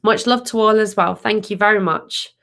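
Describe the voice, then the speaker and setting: Woman hosting a relaxed live stream as a tarot reader: upbeat and chatty, reads comments aloud. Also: medium pitch, moderate pace. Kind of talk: casual live stream chat.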